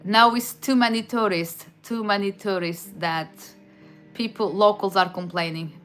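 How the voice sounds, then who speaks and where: A woman's voice: medium pitch, steady tone, unhurried, a bit bright, soft background music. A woman from Madeira with a Portuguese accent, chatting casually on a stream and answering viewers' questions, with frequent restarts. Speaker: livestream host answering chat. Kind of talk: casual chat.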